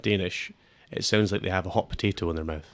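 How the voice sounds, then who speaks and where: A man's voice: sits low, steady tone, fast, no echo. A Scottish man hosting a casual radio chat, rambling and restarting his sentences as he goes. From Scotland. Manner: rambling, repeats words and restarts often. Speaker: radio host.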